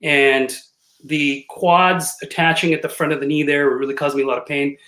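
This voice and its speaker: This time the fifty-ish podcast guest sounds a little high, steady in tone, brisk, bright, and forceful. Chatting casually over a video call, he tells jokey stories full of laughs, and the audio is roomy with echo.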